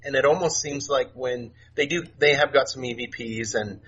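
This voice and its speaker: Soft-spoken man on a dull lo-fi line. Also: mid-range voice. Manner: soft-spoken, halting, many fillers and restarts. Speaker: podcast guest, author. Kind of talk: casual storytelling interview. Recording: dull lo-fi remote audio, faint noise.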